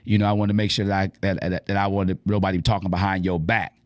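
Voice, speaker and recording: A man's voice: sits low, little pitch movement, fast talker, no room sound, clean studio sound. A man hosting an advice radio show, talking casually and animatedly in slang and acting out the lines he quotes.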